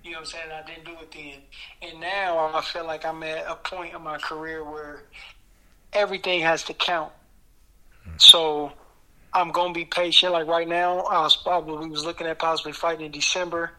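A man's voice: a little high, flat delivery, normal speed, bright, forceful tone, poor audio. A man from Indianapolis with a local accent, talking casually as a boxer guest, often saying "you know". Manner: laid-back, repeats "you know what I'm saying". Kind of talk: casual interview.

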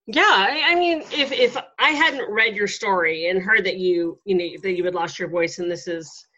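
A woman's voice: medium pitch, normal speed, bright, forceful tone. A woman hosting an interview, giving short supportive replies in casual chat. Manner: brief supportive backchannels. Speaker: podcast host. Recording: dull lo-fi sound.

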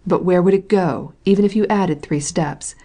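A woman reading the lines of a brisk, impatient male landowner, in a curt, commanding way. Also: lowish voice, dark tone, natural voice.

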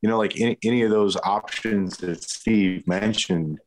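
Very deep-voiced man on glitchy internet audio. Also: normal speed, slight background noise, low-quality recording. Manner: relaxed, swears casually. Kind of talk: casual chat.

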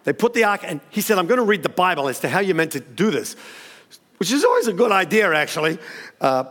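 A man preaching a storytelling sermon, animated and acting out the characters with sudden high exclamations. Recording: long hall reverb.

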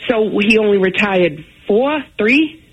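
Husky woman calling a radio show. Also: mid-range voice, expressive, a little slow, dull audio. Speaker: caller. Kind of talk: phone-in chat.

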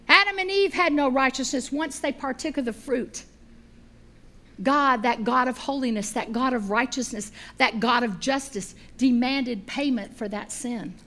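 A middle-aged woman preaching a sermon with animated, humorous storytelling. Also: high voice.

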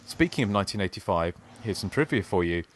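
A man's voice: fairly low pitch, animated, fast talker, a little hiss or hum. A man hosting a podcast, chatting casually and reading listener emails aloud. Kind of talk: casual chat.

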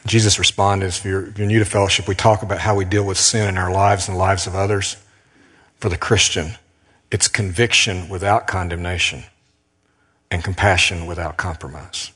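A man preaching a sermon as a pastor, earnest and emphatic, slowing down with dramatic pauses. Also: low-pitched, steady tone, fairly bright tone, slightly rough, in a large hall.

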